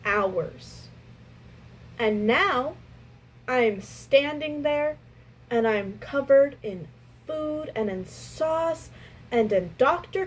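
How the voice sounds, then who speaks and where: Young woman, higher pitch, casual storytime, animated and exasperated. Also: slightly rough, rough recording.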